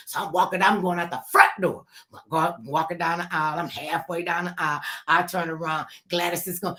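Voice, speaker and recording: A middle-aged woman spins a lively personal story and acts out every voice and line of dialogue as she goes. Her speaking voice sits on the low side for a woman but swoops widely up and down in pitch. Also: a little fast. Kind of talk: animated anecdote telling.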